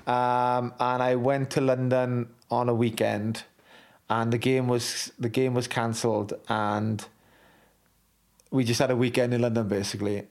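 A man's voice: medium pitch, little pitch movement, unhurried, darkish tone. A Welsh man in his forties, a former rugby captain, talking candidly in an interview, blunt and full of swearing and restarts. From Wales.

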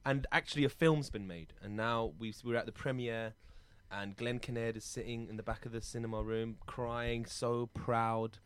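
A man's voice: mid-range voice, fairly even intonation, normal speed, hardly any pauses, clean tone, no echo. A man hosting a comedy podcast, chatty and self-mocking. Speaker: podcast host. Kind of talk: casual chat.

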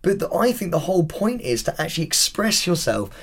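With a high, slightly breathy voice and a brisk delivery, an English-accented man in his thirties swaps animated stories on a podcast, casually chatting and swearing plenty.

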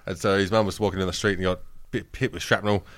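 Low-voiced Australian man chatting casually. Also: steady tone, rapid-fire, fairly bright tone, no room sound. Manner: swears freely, rambling anecdotes. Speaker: podcast co-host. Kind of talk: casual sports chat.

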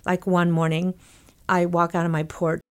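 An older woman from Texas tells stories as an interview guest, her voice sitting a little low. She is lively and laughs often, and she acts out what other people said. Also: moderate pace, clear, resonant tone, faint music behind. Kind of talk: animated storytelling in an interview.

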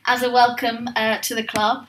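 A woman's voice: a little high, level tone, moderate pace, slight background noise. A woman hosting a casual podcast interview, chatty and laughing along with her guest. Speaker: podcast host. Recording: very echoey live room from far off.

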